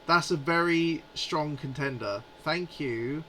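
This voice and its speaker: A man's voice: fairly high pitch, takes it slowly, bright, forceful tone, slight background noise, poor audio. A man in his forties hosting a live stream, chatting in a rambling, amused way. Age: 40s. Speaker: livestream host. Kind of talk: casual live chat.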